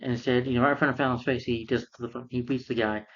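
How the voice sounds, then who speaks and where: A man's voice: medium pitch, fairly even intonation, quick pace, lo-fi sound. A man retelling a film's plot in a casual, rambling way, full of fillers and restarts. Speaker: film reviewer.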